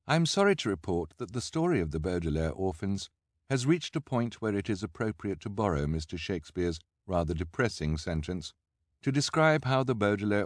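A man narrating an audiobook with a wry, measured storytelling manner. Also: sits low, dry recording, studio quality. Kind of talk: scripted narration.

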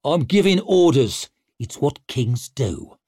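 A man's voice: mid-range voice, very animated, takes it slowly, darkish tone, breathy edge, no echo, clean studio sound, pitched above the performer's own voice, full character voice. A man voicing a wild, menacing young barbarian king who talks in a sneering, mocking manner.

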